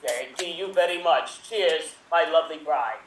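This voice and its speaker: A man's voice: on the high side, unhurried, a bit bright, echoey room, distant mic, a little hiss or hum, poor audio. A man performing improv as a newlywed husband, playful and laughing at his partners. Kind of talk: improvised scene acting.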